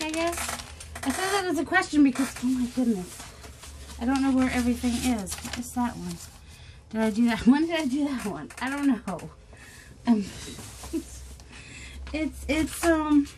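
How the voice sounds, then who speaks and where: A woman's voice: a little high, slight background noise. A woman hosting her crafting channel, rambling and self-deprecating, chatting casually as she shows her work. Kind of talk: casual chat.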